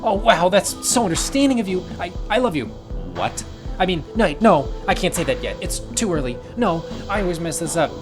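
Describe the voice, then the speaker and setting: A man doing a high, stammering shy lizard. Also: big pitch swings, moderate pace, over music. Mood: flustered. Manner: stammering, flustered, high-pitched. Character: shy, nervous young lizard on a date.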